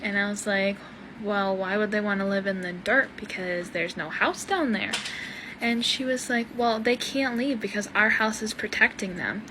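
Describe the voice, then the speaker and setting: A mother recounts a story in a bemused, conversational way. Her voice is mid-pitched, with a noticeable layer of ambient noise running behind it. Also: normal speed. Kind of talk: casual storytelling. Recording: noisy background ambience.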